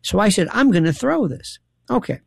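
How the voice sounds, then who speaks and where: Woman, storyteller, animated and laughing, dry booth sound. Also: medium pitch, moderate pace, vocal fry, slightly rough, no room sound. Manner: animated, laughing, dramatic quoted voices. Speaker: radio host guest. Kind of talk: casual storytelling chat.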